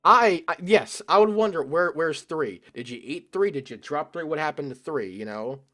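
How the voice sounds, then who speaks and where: A man's voice: on the high side, expressive, normal speed, pushed and bright. Rambling, stammering young man. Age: young adult. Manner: rambling, stammering, swears often. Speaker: let's player. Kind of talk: casual gameplay commentary.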